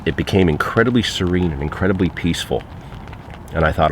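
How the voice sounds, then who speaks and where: Low-voiced guy telling a fishing story, chatty with lots of uh's, faint outdoor noise behind. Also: fast talker. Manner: conversational, frequent fillers. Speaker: angler recounting a trip. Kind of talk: casual spoken anecdote.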